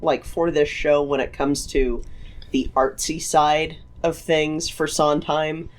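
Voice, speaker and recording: A woman's voice: low voice, flat delivery, slow pace. A woman co-hosting a podcast, chatting casually, laughing often and putting in short agreements. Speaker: podcast co-host. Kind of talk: casual chat.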